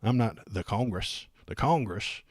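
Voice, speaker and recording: A man's voice: fairly low pitch, expressive, unhurried, dry recording, clean studio sound. A man doing a smug Louisiana governor. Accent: Louisiana, put on. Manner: evasive, lawyerly hair-splitting. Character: smug male Southern governor weaseling out.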